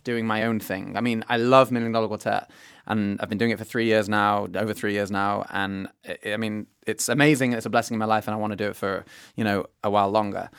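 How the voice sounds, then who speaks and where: A young man with a British accent, chatting as a performer guest in a relaxed, self-deprecating way with lots of fillers. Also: lowish voice, clear, resonant tone, no echo, studio quality. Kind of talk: casual interview chat.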